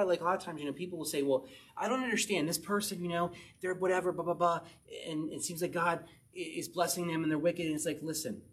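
A man preaching a verse-by-verse sermon in a conversational way, often acting out quotes in short little voices. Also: a little high. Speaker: pastor.

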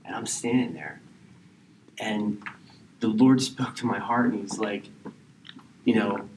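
A man's voice: on the low side, takes it slowly, long pauses, roomy sound. Man preaching from a distance. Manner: conversational preaching that drops to hushed near-whispers. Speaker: pastor. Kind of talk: sermon. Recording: distant mic with faint background hiss.

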